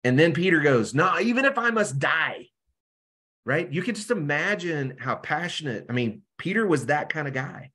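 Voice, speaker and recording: A man's voice: fairly high pitch, a bit bright. Casual man teaching scripture over a video call. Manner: casual, keeps asking "right?". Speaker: Bible study teacher.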